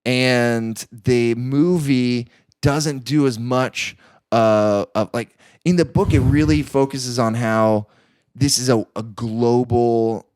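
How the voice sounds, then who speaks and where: A man's voice: medium pitch, fairly even intonation, slow, darkish tone, smooth. A man in casual podcast talk about a film, rambling with many fillers and restarts. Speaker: podcast guest.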